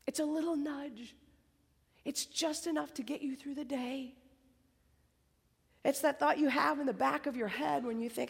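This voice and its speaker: A woman preaching a sermon at a college worship service in a conversational, chatty way, sometimes dropping to a soft whisper. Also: sits high, normal speed, gravelly, long reverb tail. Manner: conversational, chatty, tag questions and "like"; drops to a soft whisper for emphasis. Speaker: campus preacher.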